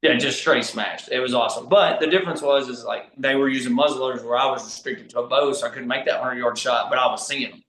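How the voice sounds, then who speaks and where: A man guesting on a podcast, telling hunting stories in a lively, casual way, speeding up in bursts. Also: medium pitch. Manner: animated, talks fast in bursts, laughs mid-story. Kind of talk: casual storytelling chat. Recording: roomy echo.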